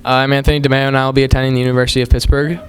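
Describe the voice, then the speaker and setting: A young man in his late teens, a graduating student, speaking casually and low-key. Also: level tone, very fast, slight background noise.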